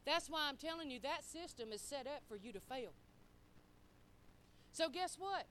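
High, bright-voiced woman preaching. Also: very animated, moderate pace, a little hiss or hum. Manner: folksy storytelling, prods the congregation for responses; swings between quiet and loud, laughing asides. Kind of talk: sermon.

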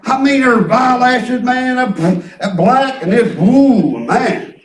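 A man preaching in a folksy, animated way, telling stories in a church. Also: very high voice, takes it slowly. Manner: folksy, animated, peppered with "praise God". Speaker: pastor. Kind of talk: sermon storytelling. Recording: echoey church from far off.

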